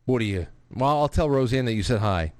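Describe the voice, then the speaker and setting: Man, talk show host, mid-pitched voice, rambling, casual, dry close sound. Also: expressive, fairly quick, a little mellow, no room sound. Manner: rambling, restarts, profane asides. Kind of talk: casual live-stream talk, reading super chats.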